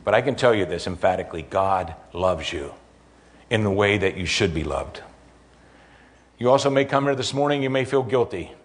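A man's voice: on the low side, expressive, a little fast. A man preaching a sermon as a pastor, earnest and emphatic, building repeated phrases and then closing in prayer.

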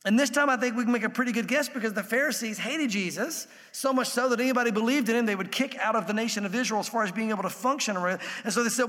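Male pastor with a high voice, conversational sermon delivery, long hall reverb. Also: fast, few pauses, a bit bright. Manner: conversational preaching, acts out quoted voices.

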